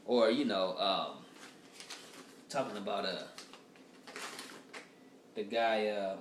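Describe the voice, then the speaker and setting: A man's voice: fairly low pitch, slow. American guy running thru his standup jokes, swears a lot, rambles, echoey room, mic far off, faint background hum. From United States. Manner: loose, profane, rambling storytelling. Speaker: stand-up comedian. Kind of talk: casual stand-up rehearsal. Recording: roomy echo from far off.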